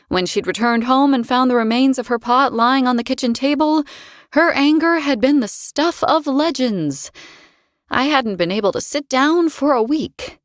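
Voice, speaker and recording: A woman narrating a first-person fantasy audiobook in a wry, expressive way. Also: high-pitched, no room sound, clean studio sound.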